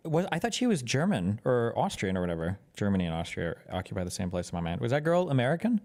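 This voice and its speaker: A man's voice: lowish voice, big pitch swings, fast, a little mellow. A man giving sarcastic commentary over a political clip, laughing and swearing in mocking asides. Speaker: streamer reacting to a press clip.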